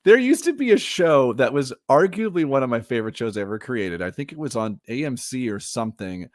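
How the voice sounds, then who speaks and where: A man co-hosting a casual pop-culture chat show, animated and laughing often. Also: medium pitch, a little fast, dry recording, clean studio sound. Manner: animated, laughs often, slips into mock voices. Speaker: podcast co-host.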